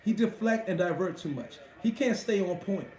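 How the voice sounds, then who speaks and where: A man's voice: high voice, lively intonation, moderate pace, a little mellow, roomy sound, low-quality recording. A man hosting a live stream, chatting casually with his viewers in a profane, boastful way. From Washington D.C.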